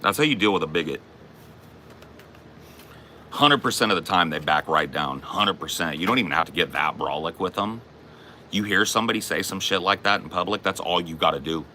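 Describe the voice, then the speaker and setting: A low-voiced man with a sharp, forceful tone rants in profane, taunting bursts. He is confrontational and loud in his delivery, as a comedy host goading someone, with a faint hum of room ambience behind him. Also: expressive, fairly quick. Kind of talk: aggressive comic rant.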